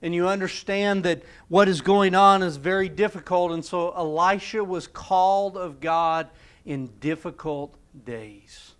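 Smooth-voiced preacher man retelling scripture. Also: sits high, measured pace. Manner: storytelling preacher, shifting between emphatic and hushed delivery. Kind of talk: sermon.

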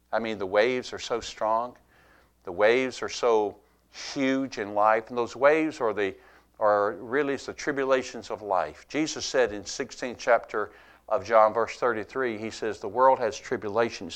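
A middle-aged preacher from Alabama speaks. He tells the story in a homey, folksy way. His voice climbs loud for emphasis, then sinks to a near hush. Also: medium pitch. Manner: animated, folksy, swings between loud and hushed. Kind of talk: sermon.

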